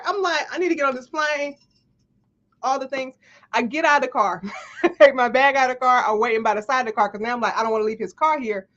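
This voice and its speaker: A woman's voice: a little high, a little fast, a bit bright. A woman, a life coach, telling a story to a live audience with much animation, acting out the dialogue and laughing often. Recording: dull lo-fi stream audio.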